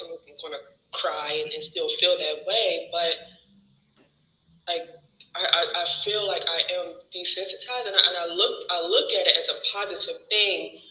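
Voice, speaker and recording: A man's voice: fairly high pitch, sharp tone, echoey room, rough recording. A man in an online study group, talking casually and hesitantly with many restarts. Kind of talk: casual chat.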